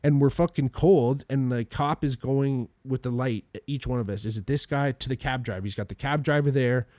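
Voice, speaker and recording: Male podcast guest, animated storyteller, mid pitch, dry close sound. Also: fairly quick, no room sound. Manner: animated storyteller, acts out quotes, swears a lot, laughs often. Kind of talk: casual storytelling.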